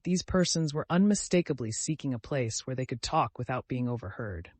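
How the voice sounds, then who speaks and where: Measured male audiobook narrator. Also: mid-range voice, animated, dry recording. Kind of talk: scripted narration.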